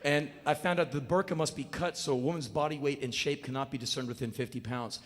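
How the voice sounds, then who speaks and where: Blunt, sardonic male storyteller on stage. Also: medium pitch. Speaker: spoken word performer. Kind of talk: live spoken word monologue. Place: stage before an audience. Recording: live stage with long reverb.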